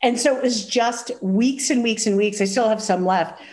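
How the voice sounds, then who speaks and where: A woman with a nasal Chicago accent, a guest in a casual chat, telling stories with lively acted-out quotes. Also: on the high side, moderate pace. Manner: animated storyteller, acts out quoted voices.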